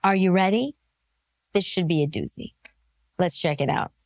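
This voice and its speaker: A woman doing comedic reaction commentary on a clip, loud and mocking, laughing often and slipping into put-on voices. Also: on the low side, normal speed.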